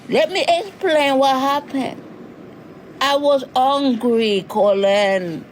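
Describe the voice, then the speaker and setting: A woman voicing a hot-tempered young male prison inmate who talks in slow, broken creole English. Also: mid-range voice, a little hiss or hum. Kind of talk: cartoon voice acting.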